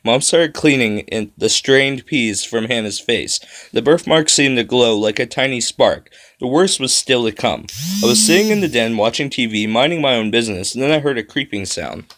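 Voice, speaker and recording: A man's voice: mid-range voice, animated, normal speed, few pauses, a bit bright, dry recording, clean studio sound. A man narrating a first-person spooky children's story with a dramatic delivery.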